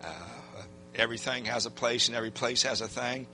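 Over soft background music, an older pastor with a mid-range voice speaks fairly quickly. He tells a personal story in his sermon with folksy animation, acting out others' words.

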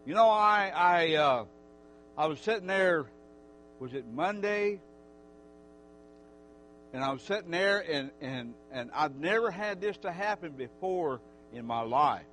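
A man giving an emotional sermon testimony, speaking heartfelt and repetitive, swinging between loud calls and hushed confessions. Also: fairly high pitch, expressive, a little slow, pauses often, slight background noise. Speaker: preacher.

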